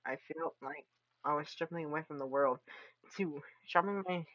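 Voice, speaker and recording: A man reading a visual novel aloud as a game streamer, breaking off to yell and laugh at the story. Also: on the high side, moderate pace, dry recording, highs cut off. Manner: animated, yells and laughs in reaction.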